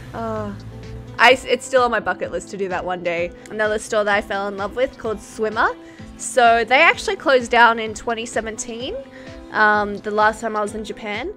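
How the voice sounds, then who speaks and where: Woman, 20s, YouTuber, casual reaction vlog, gushing, excitable, slightly high voice. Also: moderate pace, soft background music. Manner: gushing, excitable, laughs often.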